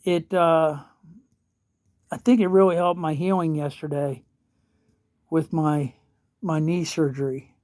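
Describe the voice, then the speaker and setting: A man who is a chaplain, talking casually in a morning video update, sleepy and yawning, halting as he searches for his words. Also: a little high, steady tone, a little mellow, dry recording, studio quality.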